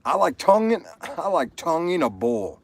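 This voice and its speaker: Brief: rambling livestream host, animated delivery, dry recording. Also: male voice, a little high, moderate pace, dry recording. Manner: rambling, reads viewer comments aloud. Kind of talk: casual chat.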